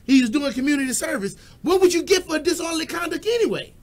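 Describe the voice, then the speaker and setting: A man with a strikingly high voice co-hosts a casual music talk show. He launches into animated, profane rants full of jokes, shouting when he gets worked up. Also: fast. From Texas. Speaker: co-host. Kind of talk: casual radio-style chat.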